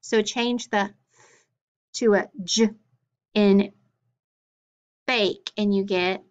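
A woman teaches a children's phonics lesson, pronouncing letters and sounds slowly and distinctly. She praises often, at a middle pitch. The recording sounds dull and lo-fi. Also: fairly even intonation. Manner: slow, clearly spelled-out letters and sounds, with frequent praise.

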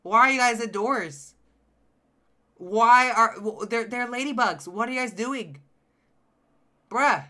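A man streaming a game live, reacting with loud, excitable outbursts and teasing his chat. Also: extremely high pitch, slow pace, long pauses. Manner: addresses chat directly, playful teasing. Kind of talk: live gameplay commentary.

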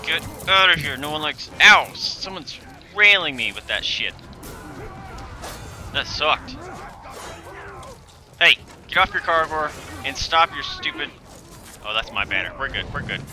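A man streaming a video game, giving excitable commentary and yelling and groaning at what happens on screen. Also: a little high, unhurried, pauses often, soft background music. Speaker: gaming streamer. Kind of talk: live gameplay commentary.

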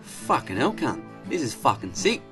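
A man voicing a crude, rough-edged Australian bloke with an Australian accent who swears constantly. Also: mid-range voice, sing-song, moderate pace, over music, lightly acted. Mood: excited.

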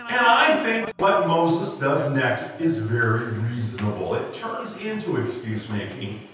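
A man's voice: mid-range voice, sing-song, measured pace, fairly bright tone. A male pastor giving a sermon in a folksy way, acting out quoted lines with humor. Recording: echoey hall, mic far off.

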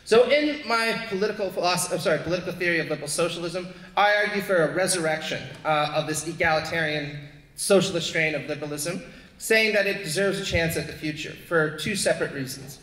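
A man's voice: on the high side, quick pace, fairly bright tone. Earnest man arguing in echoey hall. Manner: earnest, argumentative. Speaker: panelist. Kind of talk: academic panel talk. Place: lecture hall. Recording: echoey hall with long reverb.

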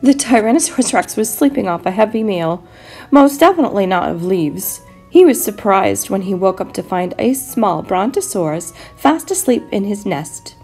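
Teacher, female, expressive picture-book reader; breathy voice, lively pitch, faint music underneath. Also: normal speed. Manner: expressive, animated storytelling. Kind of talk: reading a picture book aloud.

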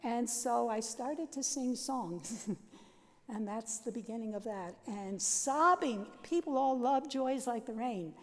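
Older nun, storyteller, bright high voice, self-mocking humor, reverberant chapel. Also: female voice, takes it slowly. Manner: lively, self-mocking, laughs often. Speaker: Catholic sister and worship leader. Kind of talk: storytelling talk. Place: large seminary chapel.

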